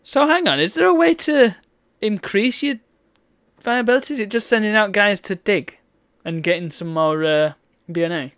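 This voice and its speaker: A woman's voice: mid-range voice, moderate pace, no room sound, clean studio sound. A woman chatting through a live game stream, with exasperated outbursts at the game. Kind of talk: live gameplay commentary.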